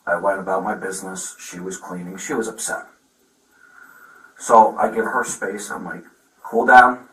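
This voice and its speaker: A middle-aged father telling the police a long, halting account with many restarts, recorded on a body camera. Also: sits low, steady tone. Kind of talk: recounting events in a conversation. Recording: roomy, from far off the mic.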